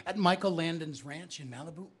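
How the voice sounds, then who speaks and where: A man's voice: fairly high pitch, normal speed, background noise. A man telling comic stories live to an audience in a bookstore, chatting with the crowd. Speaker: storyteller.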